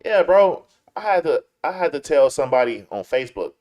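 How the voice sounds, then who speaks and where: A man's voice: a little high, sing-song, a little fast, darkish tone. A man from Chicago talking in a casual, slangy commentary style, repeating points for emphasis. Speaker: commentary show host. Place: lives in Texas.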